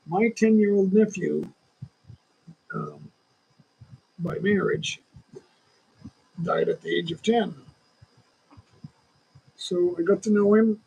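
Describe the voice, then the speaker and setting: A man's voice: high-pitched, creaky, mellow, breathy edge, highs cut off. A man in his sixties with a lingering cough, hosting a casual livestream and chatting in a rambling, opinionated way straight to his viewers. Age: 60s. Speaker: livestream host.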